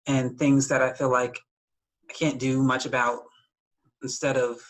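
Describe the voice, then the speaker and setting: A man's voice: mid-range voice, fairly bright tone, low-quality recording. A man talking candidly as a writer guest in a casual interview, rambling a little with restarts.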